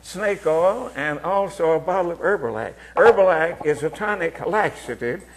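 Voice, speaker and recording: A man in his nineties, a medicine show performer, reminiscing as a guest in a folksy, halting way. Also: fairly high pitch, lively intonation, low-quality recording. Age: 90s. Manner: folksy, halting, with many fillers and restarts. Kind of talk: reminiscing interview talk.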